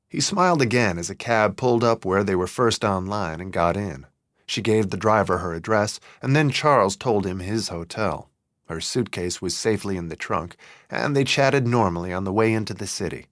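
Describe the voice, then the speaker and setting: Hörbuchsprecher, männlich, ruhig und gemessen, trockener Klang. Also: male voice, fairly low pitch, no echo, clean studio sound. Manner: calm, measured reading. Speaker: audiobook narrator. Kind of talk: scripted narration.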